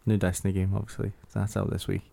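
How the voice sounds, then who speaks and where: A man's voice: deep voice, flat delivery, fast talker, creaky, dark tone. Sweary man chatting. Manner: sweary, mocking banter. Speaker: podcast co-host. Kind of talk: casual chat.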